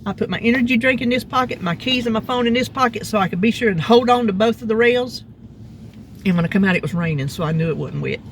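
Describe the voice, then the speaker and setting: A woman's voice: on the high side, fast talker, a little hiss or hum. A middle-aged woman, telling a rambling story in a casual vlog. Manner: chatty, rambling, animated retelling. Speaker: vlogger. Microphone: phone.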